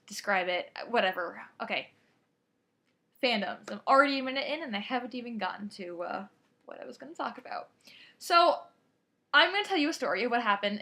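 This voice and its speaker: A teenage girl telling a rambling story to her camera, energetic and often breaking off mid-thought. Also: on the high side. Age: teens. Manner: energetic, rambling, self-interrupting. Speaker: vlogger. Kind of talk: casual storytelling monologue.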